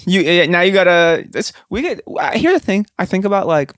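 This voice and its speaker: A man's voice: high-pitched, fairly quick, clear, resonant tone, no room sound, clean studio sound. A man co-hosting a casual comedy podcast, rambling with lots of fillers. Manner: rambling, filler-heavy, animated. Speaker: podcast co-host.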